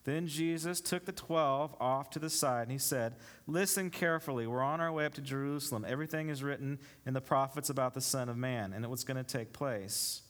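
A male pastor preaching a sermon, reading scripture aloud and explaining it with rhetorical questions to the congregation. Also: medium pitch. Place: church.

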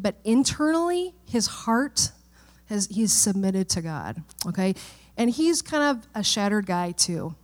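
In a church, a middle-aged woman pastor preaches a sermon in a fairly high voice. Her style is conversational, and she frequently checks in with her listeners.

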